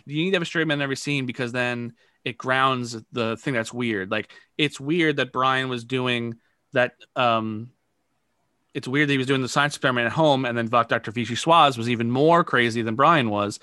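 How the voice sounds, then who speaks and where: A man's voice: mid-range voice, moderate pace, pushed and bright, clear, resonant tone, no room sound, clean studio sound. A man leading an improv practice among friends, explaining at length with many restarts. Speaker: improv teacher. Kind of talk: casual improv practice chat.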